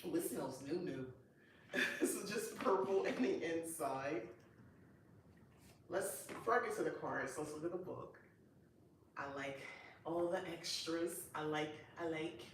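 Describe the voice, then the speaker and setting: A woman hosting a casual unboxing chat, gushing and excitable, with lots of delighted exclamations. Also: sits low, a little slow, long pauses, far from the mic. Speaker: host. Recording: echoey room, voice off-mic, faint noise.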